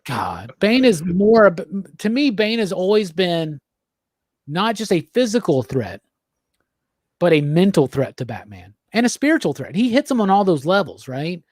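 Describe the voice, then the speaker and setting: A man with a notably high speaking voice hosts a laid-back podcast conversation. He talks in an animated, blunt way and drops curse words freely. The sound is dry and close. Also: moderate pace, dry recording. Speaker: podcast host. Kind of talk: casual chat.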